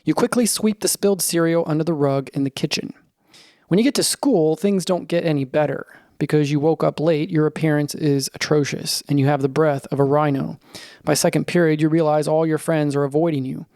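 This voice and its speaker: A man narrating a scripted children's story in the second person, in a lively storytelling manner. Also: fairly high pitch, brisk, no echo, clean studio sound.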